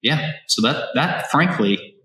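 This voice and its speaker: A man from Kansas, a farmer and robotics founder, telling his story as an interview guest in an animated, restart-filled way on a farm. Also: medium pitch, takes it slowly. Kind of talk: casual interview conversation. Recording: echoey room.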